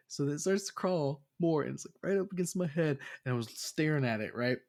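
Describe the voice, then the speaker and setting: A man in casual podcast chat, telling a rambling story. He swears freely and gets animated, sometimes laughing as he talks. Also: mid-range voice, a little fast. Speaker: podcast host.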